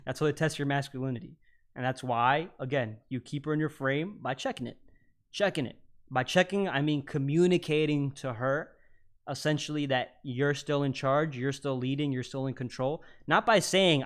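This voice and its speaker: A man's voice: on the high side, normal speed, fairly bright tone. A man hosting a panel debate, lecturing in an assertive way and dropping his tone for emphasis. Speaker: podcast host.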